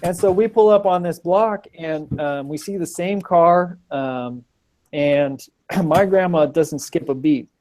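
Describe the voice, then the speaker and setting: A man in his thirties telling a personal story as a guest in a casual video-call interview, animated, with frequent ums and restarts. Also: fairly high pitch, slow pace.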